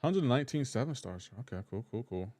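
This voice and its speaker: Expressive and brisk, with a medium pitch and a dark tone, a gaming streamer from the Southern United States chats casually on a live stream. He reacts to viewer messages in his light accent, and the recording is dry.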